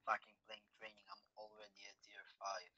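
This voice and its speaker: A man's voice: fairly low pitch, monotone, fairly quick, bright, forceful tone. A man in a gaming voice chat, rude and dismissive toward the others. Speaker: player in voice chat. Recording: noisy lo-fi voice chat.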